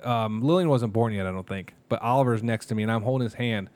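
A man's voice: lowish voice, fast, a little mellow. A man in his thirties co-hosting a casual podcast, telling candid, emotional personal stories with lots of fillers and restarts. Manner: candid, rambling, emotional storytelling with many fillers. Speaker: podcast co-host, mascot performer.

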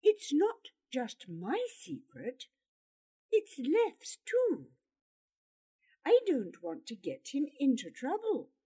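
A woman voicing an earnest, apologetic young boy who speaks quietly and pleads. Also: sits high, huge pitch swings, slow pace, pitched above the performer's own voice, full character voice. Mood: pleading.

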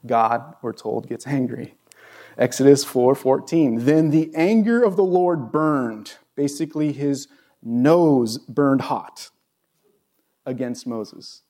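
A man's voice: medium pitch, slow pace, mellow. A male pastor preaching a conversational sermon in a church, asking the congregation questions as he goes. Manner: conversational, asks the audience questions.

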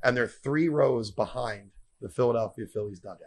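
A man's voice: medium pitch, normal speed. A man hosting a comedy podcast who tells a rambling story with lots of profanity.

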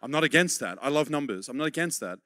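A middle-aged man preaching a sermon, urging and repeating points for emphasis, then dropping to quiet, close tones. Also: a little high, animated, fast talker, no room sound.

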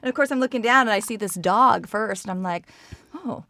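A woman's voice: mid-range voice, a little fast, bright, forceful tone, no room sound. A woman hosting an interview podcast, laughing often and telling her own story. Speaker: podcast host. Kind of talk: casual interview chat.

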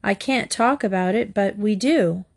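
A woman's voice: mid-range voice, a little slow, gravelly. Woman reads a loyal, earnest teenage boy, storybook.

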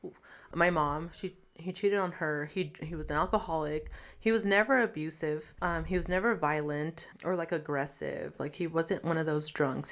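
A woman frankly telling her own life story in a casual interview, with many fillers. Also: sits low. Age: adult. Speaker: guest. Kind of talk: candid personal storytelling.

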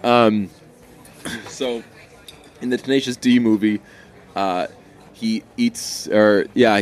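Profane, rambling man on a podcast. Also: lowish voice. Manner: profane, rambling, animated storyteller. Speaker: podcast co-host. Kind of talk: casual chat.

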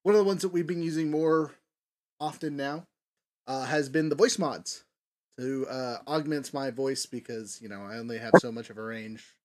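A man's voice: mid-range voice, moderate pace. A man hosting a casual tabletop gaming podcast, rambling with many fillers. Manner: rambling, filler-heavy, lively. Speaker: podcast host. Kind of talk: casual chat.

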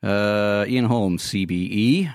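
Brief: male co-host of a radio movie show, casual, fumbling fillers, deep voice. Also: dry recording, clean studio sound. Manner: halting reading with many fillers, stumbling over foreign names. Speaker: radio film-news co-host. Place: radio studio.

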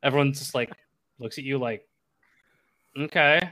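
A man's voice: on the high side, normal speed, sharp tone. A young man narrating as game master, talking loosely with lots of fillers and laughing easily.

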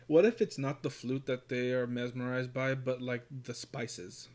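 A man's voice: medium pitch, steady tone, moderate pace, a little mellow. Rambling, cursing podcast man. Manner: rambling, swears freely, many fillers. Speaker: podcast host. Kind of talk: casual chat.

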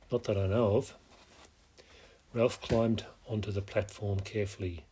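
A man narrating a novel as an audiobook, in a measured, steady way. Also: on the low side, husky.

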